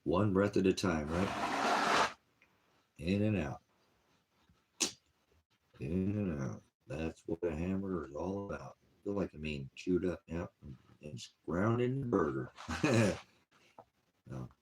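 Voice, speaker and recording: Against a noisy background, a man hosting an online ministry vlogs casually and wearily about his troubles, sighing and drifting off topic. His low, gravelly, husky voice has lively intonation and a measured pace.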